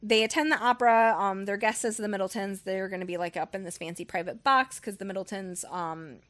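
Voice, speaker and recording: A woman's voice: medium pitch, a little fast, fairly bright tone. A woman hosting a book club podcast, recapping a story in a rambling casual way, full of ums and likes and the odd casual swear.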